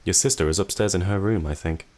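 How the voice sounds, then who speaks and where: A man's voice: sits low, quick pace, a little mellow, lightly acted. A man voicing a polite, eager young housemaid in a mystery game, speaking formally and a little raised from his usual voice.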